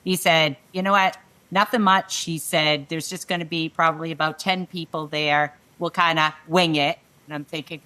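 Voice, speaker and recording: A middle-aged woman with a bright, forceful tone and a voice that sits on the lower side. She tells stories in a lively way and slips into the voices of the people she quotes. It sounds like a relaxed panel conversation. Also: normal speed. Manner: animated storyteller who acts out quoted dialogue. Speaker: guest.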